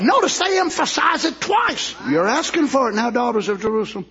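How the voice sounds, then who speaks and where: A man preaching a sermon with fervor, climbing into shouted, rhythmic declarations and acting out voices of people in the story. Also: sing-song, fairly quick, slightly rough, lo-fi sound. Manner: high, bright preaching voice, rising to shouted fervor.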